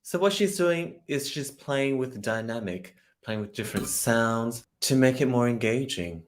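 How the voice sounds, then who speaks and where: A man working as a vocal coach, analyzing a singer's technique in a reaction commentary and getting excited as he demonstrates phrases. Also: mid-range voice, normal speed.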